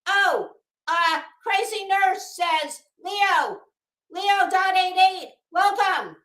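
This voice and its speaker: A woman doing a mocking impression of a brash, foul-mouthed woman streamer who swings from sugary greetings to loud cursing. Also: very slow, reverberant, full character voice. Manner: loud, profane, shrill sweet-then-cursing.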